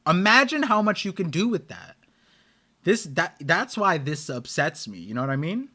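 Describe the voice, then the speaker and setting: A man hosting a live anime watch-party stream, reacting excitedly and chatting in a rambling way with his viewers. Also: a little high, normal speed, slightly rough. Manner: excitable, rambling, talks to chat.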